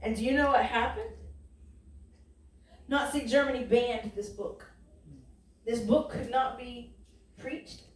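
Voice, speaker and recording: A woman pastor, preaching a sermon in a conversational, folksy way and drawing answers from her congregation. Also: on the high side. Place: church sanctuary. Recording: roomy, distant church recording.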